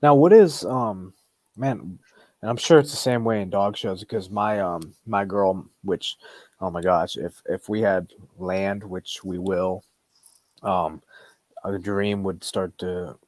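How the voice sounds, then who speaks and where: A man's voice: sits low, takes it slowly, darkish tone, no room sound. A man hosting a podcast, chatting in a loose, rambling way with lots of fillers and restarts. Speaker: podcast host. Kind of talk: casual podcast chat.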